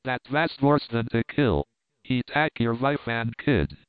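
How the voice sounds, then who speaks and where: Wounded sailor, broken English, low and faint, read by a man; tinny, dry recording. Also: expressive, takes it slowly, clean tone, no room sound. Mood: weak. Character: dying Swedish sailor, adult male, gentle and honest.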